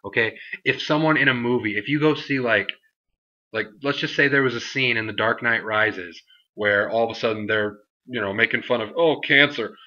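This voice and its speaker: A man's voice: on the low side, fairly even intonation, normal speed, sharp tone, dull audio. A young man reviewing a wrestling show in a casual vlog, rambling with many fillers and mocking put-on voices for the people he quotes.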